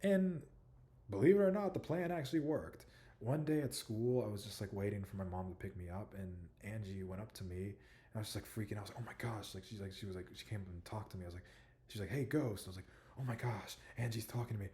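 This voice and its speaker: A young man telling his life story to his viewers in a halting, rambling way, full of "like" and "you know", soft-spoken and self-conscious. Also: on the low side, slight background noise. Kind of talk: casual personal storytelling to camera.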